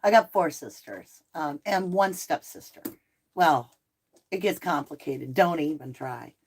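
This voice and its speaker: There's slight background noise as a deep-voiced, middle-aged woman from the American South takes her time answering viewer comments during a casual live stream. She has a mixed Southern and Northern accent and comes across as animated and chatty, laughing often.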